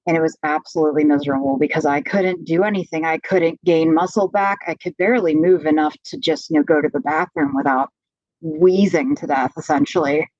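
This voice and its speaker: A woman from Pennsylvania tells her own story as a podcast guest, frank and animated, filling pauses with "you know" and "like." Her voice sits on the low side. The recording is dry and a little dull, like modest home-studio audio. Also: no room sound. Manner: frank, animated retelling, many fillers. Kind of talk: candid personal storytelling.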